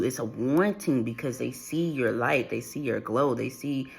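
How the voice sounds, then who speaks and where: Unhurried and creaky, with a slightly rough mid-range voice, a man delivers a channeled spiritual reading to his viewers. He wanders and repeats, restarting sentences and filling gaps with fillers.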